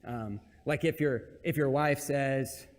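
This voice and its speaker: A man's voice: medium pitch, takes it slowly, in a large hall. A man preaching a conversational sermon in a church, talking in a casual, joking, self-deprecating way. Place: church sanctuary.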